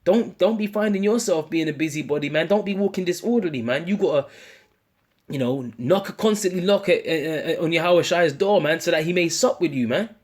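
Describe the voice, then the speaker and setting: Husky British man preaching casually. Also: a little high, brisk, a little mellow. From United Kingdom. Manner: casual slang, ends phrases with "man", many restarts. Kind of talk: informal street-style sermon.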